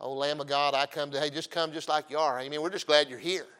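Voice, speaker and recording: A middle-aged man preaching a folksy, humorous sermon, swinging from loud emphasis to quiet storytelling asides. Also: fairly high pitch, steady tone, quick pace, clear, resonant tone. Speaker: pastor.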